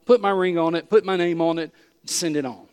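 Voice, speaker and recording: A man's voice: sits high, very animated, measured pace, in a large hall. A man voicing an irritated, dismissive king who speaks curtly and with attitude. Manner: impatient, dismissive, sarcastic. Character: exasperated adult male king, curt and irritated.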